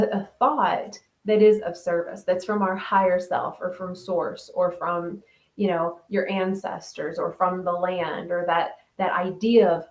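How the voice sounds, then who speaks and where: A woman's voice: mid-range voice, a little mellow. A woman hosting a mindfulness talk, chatting casually, thinking aloud and reading out viewer comments. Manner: chatty, thinks aloud with many restarts and "right?". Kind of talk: casual live-stream chat. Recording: roomy echo.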